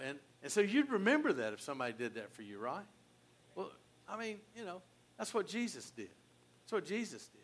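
An older man preaching a sermon in an earnest, folksy way, often restarting his sentences and swinging from quiet to loud. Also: on the high side, big pitch swings, brisk. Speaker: pastor.

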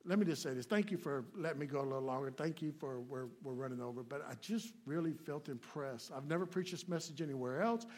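A man preaching a sermon as a guest speaker, folksy and plainspoken, swinging between loud, emphatic points and hushed asides. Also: on the high side, quick pace, hardly any pauses.

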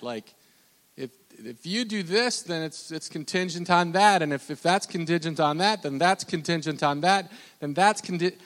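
A man talks in a loose, rambling way, circling back with restarts and fillers. His voice sits a little high for a man, and a long reverb trails behind his words. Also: moderate pace, a bit bright. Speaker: bank loan officer. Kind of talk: casual talk.

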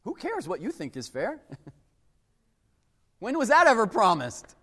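A man delivers a sermon in a high, lively voice that leaps up and then falls to a near hush for emphasis. His words ring out with a long reverb, as if from a large hall. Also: a little slow. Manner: animated, emphatic preaching with sudden drops to quiet. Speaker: pastor.

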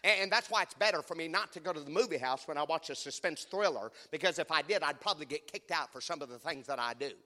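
A male pastor preaching with animated, call-and-response storytelling. His voice is high, bright and swoops all over. The sound carries the long reverb of a church sanctuary. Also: fast, few pauses. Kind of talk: sermon.

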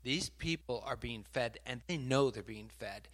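A man preaching a sermon, animated and building to emphatic outbursts, stopping now and then to sort out his slides. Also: mid-range voice. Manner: pauses mid-talk to sort out slides.

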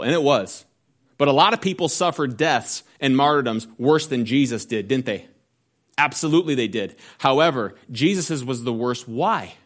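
A man preaching a sermon, asking rhetorical questions and slowing down to stress key phrases. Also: medium pitch. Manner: earnest preaching with rhetorical questions, slows for emphasis. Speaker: pastor.

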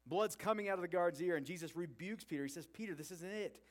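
A man delivers a sermon in a fairly high voice. He retells the story with earnest emphasis and acts out the quotes. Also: fast. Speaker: preacher.

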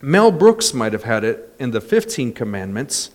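A man's voice: mid-range voice, normal speed. A middle-aged man preaching a sermon, telling stories with joking asides. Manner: lively storytelling with joking asides. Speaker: pastor.

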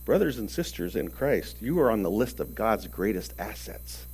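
A man preaching a sermon earnestly, stressing words and swinging between loud and soft. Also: lowish voice, big pitch swings, moderate pace, husky.

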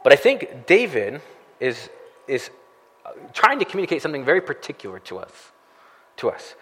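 A man's voice: medium pitch, wildly swooping pitch, normal speed, fairly bright tone, slightly rough, in a large hall, low-quality recording. A man preaching a sermon as a pastor, talking conversationally and asking the listeners frequent rhetorical questions.

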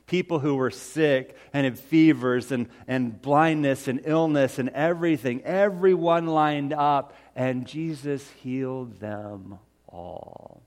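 A man playing the fisherman Peter, telling a Bible story in the first person in a folksy, conversational way that swings from loud to hushed. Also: fairly high pitch. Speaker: storyteller in character.

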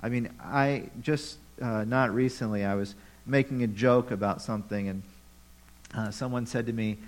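A man's voice: medium pitch, unhurried, poor audio. A pastor preaching a conversational sermon to his church, with rhetorical questions and repeated phrases.

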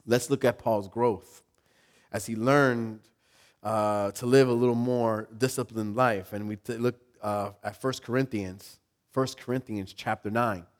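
Male pastor, sermon delivery, animated and expressive, acts out inner voices, mid-range pitch. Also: a little slow. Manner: repeats words and restarts, laughs with the congregation.

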